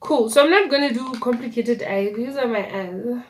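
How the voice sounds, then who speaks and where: A woman's voice: a little high, normal speed. A young woman with a South African accent, telling her story casually while doing a makeup tutorial, dropping in Sesotho words and playful asides. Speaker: YouTuber.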